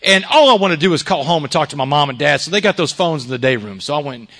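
A middle-aged man giving an earnest recovery testimony to a live audience, swinging from loud emphasis to hushed confession. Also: fairly high pitch, big pitch swings, fast. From Texas. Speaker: recovery speaker.

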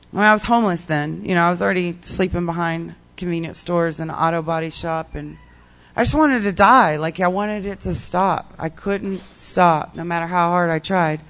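A woman's voice: lowish voice, normal speed, fairly bright tone. A woman telling her personal recovery story in a rambling way, full of "like" and "um". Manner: rambling, heavy use of "like" and "um".

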